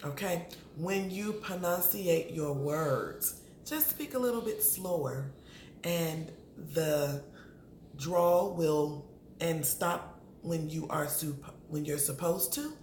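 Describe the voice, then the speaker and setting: Reviewing a reality show to camera, an Atlanta woman is chatty and animated, addressing its cast directly. She speaks slowly in a deep voice, and the recording has a roomy echo with faint background noise.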